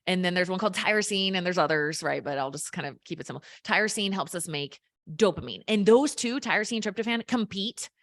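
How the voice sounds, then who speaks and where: A woman speaking as a guest health coach in a casual conversation. Her voice sits a little low and sounds dry and close, and she explains in simple terms with plenty of energy. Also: fairly quick, a bit bright, no echo.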